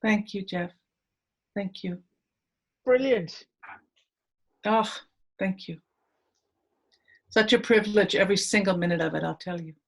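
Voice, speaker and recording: A woman moderating a panel over a video call, wrapping up with quick thanks. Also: mid-range voice, creaky, poor audio.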